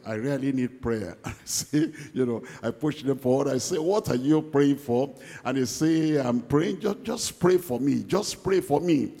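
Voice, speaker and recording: A man preaching a sermon, emphatic and repeating his key points, slowing down to read scripture aloud. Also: fairly high pitch, vocal fry, a little mellow, in a large hall.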